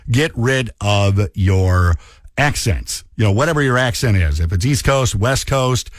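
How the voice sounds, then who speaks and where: Brief: Minnesotan male radio host, lively pitch swings, dry studio sound. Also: unhurried, no echo. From Minnesota, USA. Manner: chatty, animated, self-mocking. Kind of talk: casual radio talk.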